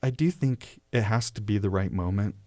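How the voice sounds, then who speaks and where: Male professor, low-pitched, musing aloud in a dry, close recording. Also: normal speed, warm tone, no room sound. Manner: thoughtful, with self-corrections. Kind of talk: reflective discussion.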